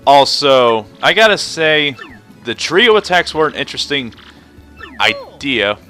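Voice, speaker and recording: A man's voice: mid-range voice, big pitch swings, unhurried, sharp tone, faint music behind. A young man giving casual, rambling commentary over a video game, often cutting himself off and joking. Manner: rambling, self-interrupting, jokey. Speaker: let's play commentator.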